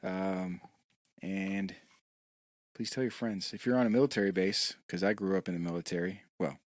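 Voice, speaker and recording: A man in his thirties from New England chats through a solo podcast episode from his room, rambling from one thing to the next with self-deprecating asides. His voice sits low, and the sound is close and dry, with no room around it. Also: fairly even intonation, moderate pace, no echo. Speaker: podcast host. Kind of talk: casual solo podcast chat. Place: room at home.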